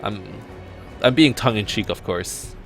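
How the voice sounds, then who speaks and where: A man's voice: lowish voice, normal speed, soft background music. A young Canadian man chatting casually while playing a video game, rambling and often restarting his sentences. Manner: rambling, self-interrupting, animated. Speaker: let's play host. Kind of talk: casual gameplay commentary.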